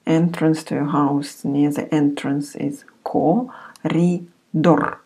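A woman teacher speaks at a very unhurried pace in a lowish voice. She says each word carefully, then repeats it several times so beginners can follow. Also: steady tone, warm tone, slightly rough. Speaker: language teacher. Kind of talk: recorded beginner lesson.

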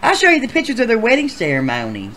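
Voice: mid-range voice, huge pitch swings, quick pace, slight background noise, pitched above the performer's own voice. A performer doing a crude, rambling storyteller. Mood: riled up. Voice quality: profane, swings from mumbling to shouting. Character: crude rambling male storyteller, easily riled. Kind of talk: comedic storytelling in a Sims machinima game show.

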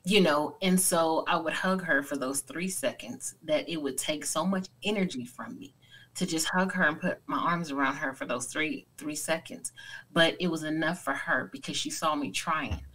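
A woman's voice: deep voice, moderate pace, a bit bright, rough recording. A woman in her forties co-hosting a podcast, speaking earnestly and reflectively in casual conversation. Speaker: podcast co-host.

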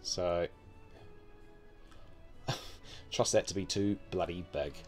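A man's voice: deep voice, slow pace, darkish tone, soft background music. A man with a New Zealand accent giving casual, offhand commentary as he builds a city in a game, muttering wryly to himself.

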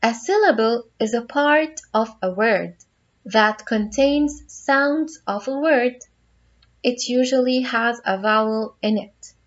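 Slow, patient woman phonics teacher. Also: a little high, dull audio. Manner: slow, patient, spells out each word step by step. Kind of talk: phonics lesson for young children.

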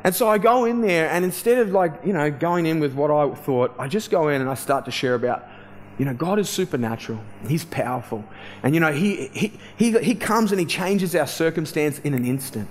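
Male pastor, slightly high voice, chatty sermon storytelling, loose and full of fillers. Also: lively intonation, brisk, slight background noise. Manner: casual, conversational, many fillers and restarts.

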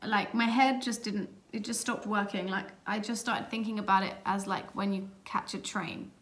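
A woman's voice: mid-range voice, steady tone, normal speed, fairly bright tone. A woman from England talks casually to her camera, recounting a chaotic journey. Her voice sits in a mid range, and she jumps between exasperation and self-mocking laughter as the story tumbles out. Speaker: vlogger.

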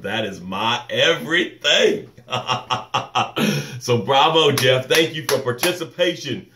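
Fervent male coach in an echoey room. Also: mid-range voice. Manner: fervent, preacher-like build-ups with repeated phrases; calls viewers by name, drops soft and slow for breathing cues. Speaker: business coach hosting a live morning show. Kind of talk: motivational live talk with guided breathing.

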